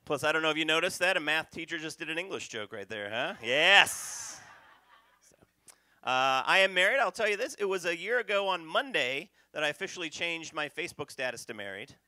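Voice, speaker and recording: A man performing a stand-up comedy set on a club stage, talking punchily and working the crowd loudly. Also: on the high side, lively intonation, a little fast, no echo. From North Carolina, USA. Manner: punchy, loud crowd work.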